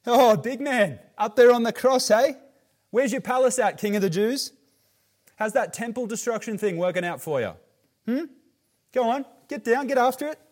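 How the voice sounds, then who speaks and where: A man voicing a crude, jeering male passer-by with an Australian accent, taunting loudly. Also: extremely high pitch, expressive, moderate pace, pitched above the performer's own voice. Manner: mocking, sneering, loud.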